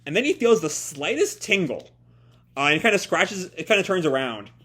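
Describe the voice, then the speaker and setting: Lively man thinking aloud over a comic. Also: on the high side, normal speed. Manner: thinks aloud, rephrasing and doubling back. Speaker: host. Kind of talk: casual live comic reaction.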